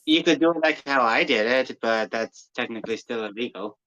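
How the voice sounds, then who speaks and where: Bright-voiced man on a dull mic. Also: mid-range voice, a little fast. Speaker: player. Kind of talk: tabletop role-play chat. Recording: dull lo-fi microphone.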